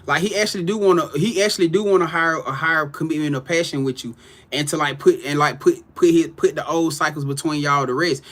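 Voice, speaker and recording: A man's voice: fairly high pitch, fairly even intonation, fairly quick, fairly bright tone. Slangy man doing a live reading. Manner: loose, slangy, greets chat viewers by name, laughs often. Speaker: tarot reader on a live stream. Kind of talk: casual live-stream reading.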